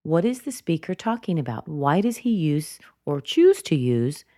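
Low-voiced, mellow woman teaching intonation. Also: very animated, dry recording, studio quality. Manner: clear, deliberate modeling of intonation. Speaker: English pronunciation teacher. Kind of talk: scripted teaching narration.

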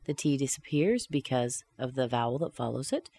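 A woman teaching English pronunciation, modelling short question tags slowly and with clear, exaggerated intonation in a close, dry recording. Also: extremely low pitch, warm tone. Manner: carefully enunciated model phrases with exaggerated intonation. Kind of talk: slow, deliberate pronunciation drill.

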